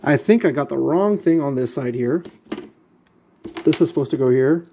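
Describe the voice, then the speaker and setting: A man's voice: on the high side, lively intonation, moderate pace, dark tone, slight background noise. A man vlogging while he assembles a model kit, talking to himself and his viewers in an exasperated, muttering way and repeating himself often. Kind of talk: casual talk while assembling.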